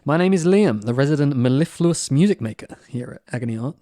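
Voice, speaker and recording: A man's voice: medium pitch, expressive, fast, mellow, no echo. A man hosting a podcast, reading a playful, flowery introduction and then chatting casually. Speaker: podcast host.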